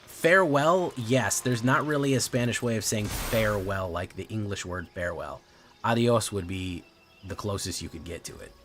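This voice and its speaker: A man's voice: fairly low pitch, a bit bright, slight background noise. A Latino man streaming a card game, chatting casually and switching between English and Spanish. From Latino family. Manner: loose and profane, with frequent "um" and "like".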